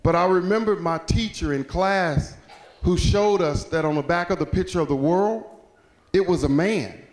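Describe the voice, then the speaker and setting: A man's voice: normal speed, lightly acted. A man putting on an eager little boy. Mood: meek. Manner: pleading, high and bouncy. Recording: echoey hall.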